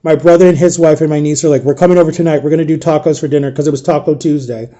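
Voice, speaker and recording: A man recounting a painful story in an emotional storytime vlog, subdued and grieving, halting and repeating himself. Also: a little high, steady tone, warm tone, highs cut off. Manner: halting, repetitive retelling. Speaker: vlogger.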